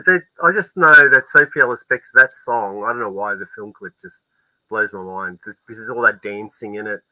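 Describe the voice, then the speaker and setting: Bright, dry-voiced chatty man. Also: on the low side, no room sound, rough recording. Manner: relaxed, chatty, swears casually. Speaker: music show co-host. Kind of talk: casual music chat.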